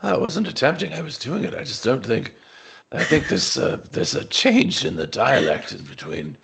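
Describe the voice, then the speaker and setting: A man's voice: a little high, wildly swooping pitch, moderate pace, vocal fry, a bit bright, a little hiss or hum. A man playing in a tabletop game, chatting casually and rambling as he interrupts himself.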